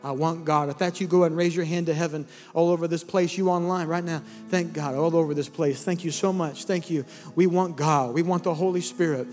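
Male pastor, high-pitched and fervent, sermon into altar call, recorded in a reverberant hall over soft music. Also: steady tone, brisk, hardly any pauses. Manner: impassioned, rising to near-singing fervor. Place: large church hall with congregation.

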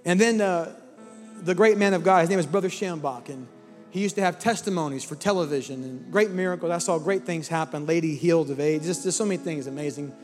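Male pastor, high-pitched and fervent, sermon into altar call, recorded in a reverberant hall over soft music. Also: brisk. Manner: impassioned, rising to near-singing fervor. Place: large church hall with congregation.

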